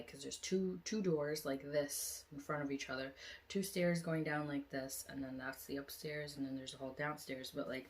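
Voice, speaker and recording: A woman vlogger casually retelling a dream, animated, often acting out lines in squealing high voices or dropping to whispers, with many "like" fillers. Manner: drops into quiet whispers; frequent "like" fillers. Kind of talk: casual dream storytelling vlog.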